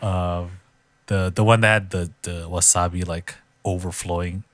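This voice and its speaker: A man with a low voice talks loosely on a podcast and keeps slipping into high-pitched imitations of the people he describes. The sound is dry and close, with no room around it. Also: moderate pace, no room sound. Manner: animated retelling, acts out quotes with high-pitched voices. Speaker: podcast co-host. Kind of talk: casual chat.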